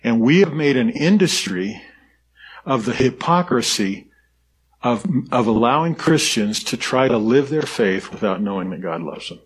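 A man's voice: medium pitch, expressive, moderate pace, breathy edge. A man pastor giving an earnest, conversational sermon, often restarting his sentences. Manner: conversational and earnest, with frequent restarts and soft laughs.

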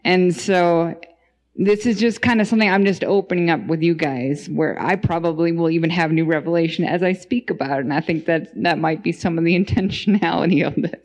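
A woman's voice: on the low side, brisk, a little mellow. A woman who is a podcast guest, giving a casual spoken testimony and thinking aloud as she goes, with frequent restarts.

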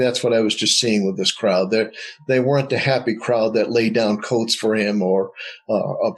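A man's voice: lowish voice, slightly rough, rough recording. A man in an online Bible study group, earnestly thinking aloud about what he pictures, over a video call. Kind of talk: reflective group discussion.

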